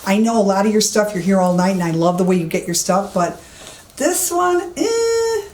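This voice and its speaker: A woman's voice: fairly low pitch, fairly even intonation, fast talker, a little mellow. A woman psychic medium giving walk-through commentary, speaking emphatically and repeating herself, inside an empty old building. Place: empty old police station indoors. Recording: echoey room, faint background hiss.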